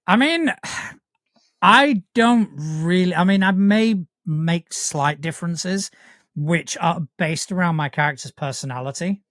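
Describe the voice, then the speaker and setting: Blunt, bright-voiced Yorkshire man. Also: high-pitched, slow, no room sound, clean studio sound. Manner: blunt, wry, swears casually. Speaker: podcast co-host. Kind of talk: casual chat.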